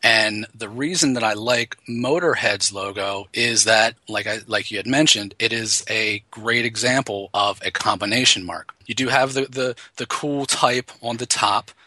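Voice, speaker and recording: Bright-toned man explaining design casually. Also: on the low side, no room sound. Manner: halting, many restarts and fillers. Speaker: podcast co-host, designer. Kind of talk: casual chat.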